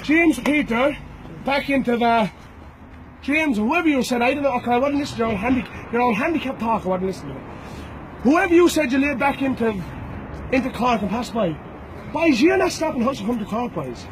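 An Irish man with a strikingly high voice that swings up and down a lot delivers a fighter's recorded challenge. He taunts and threatens, circling back to the same names and phrases again and again. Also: expressive, a little fast, slight background noise, poor audio. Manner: taunting and threatening, repeats names and "boys" often. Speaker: bare-knuckle fighter.

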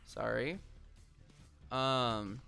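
Bright-voiced young man rambling over gameplay. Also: mid-range voice, very slow, creaky, clean tone, soft background music. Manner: rambling, frequent ums, bursts of frustration at the game. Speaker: gaming channel host. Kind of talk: casual gameplay commentary and storytelling. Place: at home.

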